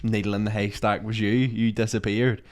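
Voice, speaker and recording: A young man, telling a story on a casual podcast and acting out the quotes. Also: moderate pace. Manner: animated, acts out quotes with big jumps in pitch and volume. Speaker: podcast host.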